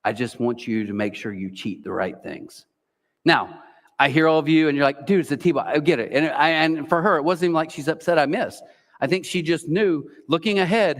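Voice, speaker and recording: A man's voice: a little high, brisk. Chatty man preaching in an echoing hall. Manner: casual, rambling, heavy use of "like" and "literally". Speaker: pastor. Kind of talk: conversational sermon with personal stories. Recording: long reverb of a church hall.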